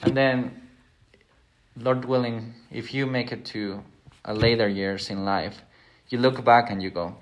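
A man's voice: fairly low pitch, fairly even intonation, unhurried. Earnest man teaching a Bible lesson. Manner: earnest, self-deprecating, acts out quoted voices.

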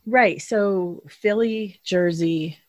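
A woman from Philadelphia hosting a casual interview, chatty and animated as she reminisces. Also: medium pitch, extremely slow, no echo. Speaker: podcast host.

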